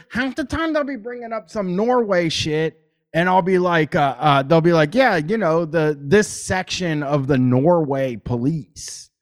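Rambling, swearing podcaster man. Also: high voice. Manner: rambling, swears freely, many fillers. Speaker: podcaster, guest. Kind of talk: casual chat.

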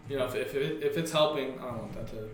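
A man's voice: medium pitch, fast, crowd noise. A young man co-hosting a podcast in casual chat, hesitant and stammering, laughing along. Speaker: podcast co-host. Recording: echoey room, off-mic, faint ambience.

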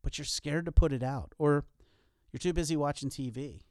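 A man's voice: fairly high pitch, normal speed, a little mellow, no room sound, studio quality. A man co-hosting a podcast, talking earnestly in a casual motivational way with wry self-deprecating jokes. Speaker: podcast co-host.

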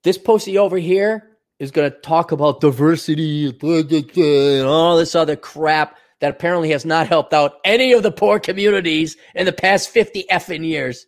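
A man's voice: normal speed, few pauses. A man hosting his own show, ranting alone in a profane, sarcastic way. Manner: profane, sarcastic, mocks others in high mimicking voices. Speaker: podcast host. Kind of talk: ranting solo monologue.

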